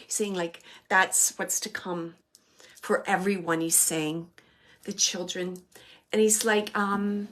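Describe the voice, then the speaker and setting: A woman giving a psychic reading to viewers from her home. She speaks gently and reassuringly and often stops to restart her sentences. Her pitch and pace stay in an ordinary middle range. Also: slow pace. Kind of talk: live online psychic reading. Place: home, with a small dog nearby.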